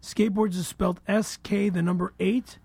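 A man reading ads on a comedy podcast, halting and stammering, nervous and repeating himself. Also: sits high, fairly even intonation, vocal fry, darkish tone, slight background noise. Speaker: show regular reading ads. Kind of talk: casual comedic podcast banter.

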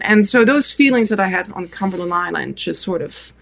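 A woman's voice: mid-range voice, a little fast, gravelly, few pauses. A woman from France with a French accent, an interview guest telling a long story with many fillers and restarts. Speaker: podcast guest.

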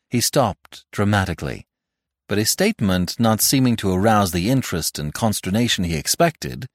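Male storyteller, low voice, dry close mic, expressive read. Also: moderate pace, no echo. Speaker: narrator. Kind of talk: scripted narration.

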